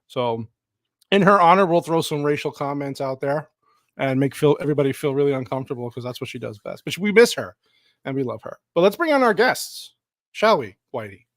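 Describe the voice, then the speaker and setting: Joking male podcast host, higher voice. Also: animated, brisk, dry recording. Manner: joking, laughs often. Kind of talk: casual chat.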